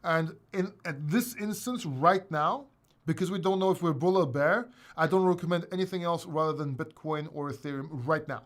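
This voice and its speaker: A man hosting a casual livestream chat, animated and emphatic, talking bluntly and swearing now and then. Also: a little high, normal speed. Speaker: host.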